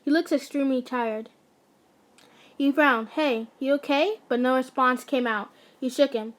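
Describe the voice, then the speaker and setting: A woman's voice: high voice, steady tone, moderate pace, a bit bright. A woman casually reading fan fiction aloud, often stumbling, restarting and breaking off to joke.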